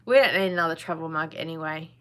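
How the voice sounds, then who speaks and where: A woman's voice: deep voice, quick pace, a bit bright, clean tone. A woman, hosting a casual live chat, chatty and blunt, laughing often. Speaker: live stream host.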